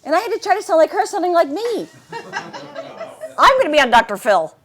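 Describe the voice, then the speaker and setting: A middle-aged woman, a voice actress, telling casual anecdotes in an animated way and laughing often. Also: very high-pitched, brisk. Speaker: voice actress and interview guest.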